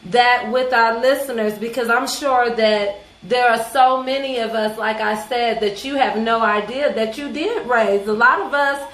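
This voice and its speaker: A woman's voice: fairly high pitch, normal speed, hardly any pauses, a bit bright. A woman from Los Angeles hosting an interview, speaking in a colloquial, affirming, often laughing way. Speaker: podcast host. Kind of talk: casual interview. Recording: echoey room with faint noise.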